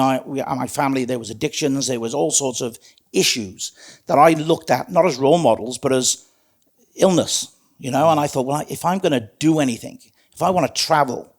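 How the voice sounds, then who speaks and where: A middle-aged man, telling his life story as a guest in an interview in an earnest, plain-spoken way. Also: mid-range voice. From South Wales. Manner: earnest, plain-spoken, calls the host mate.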